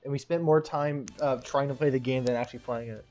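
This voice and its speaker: A man in casual chat while playing a game on stream, dry and quick to swear at it. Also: mid-range voice, fairly even intonation, darkish tone.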